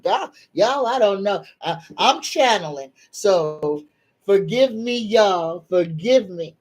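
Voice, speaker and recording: A middle-aged woman hosts a casual livestream, speaking very slowly. She greets viewers in a folksy, drawn-out way and addresses them as a group. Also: mid-range voice, expressive, darkish tone, rough recording. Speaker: psychic livestream host. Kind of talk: casual live-stream chat.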